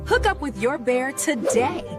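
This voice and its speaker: A woman's voice: high voice, very animated, unhurried. A woman playing a coy, flirty woman. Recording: clear music behind.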